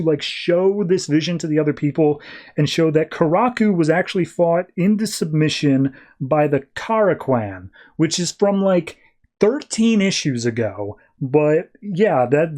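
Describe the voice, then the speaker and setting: Young guy on a comics podcast, kinda high voice, chatty recap, does little character voices. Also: a little mellow. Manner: casual recap, acting out characters' lines in quick put-on voices. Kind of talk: casual chat.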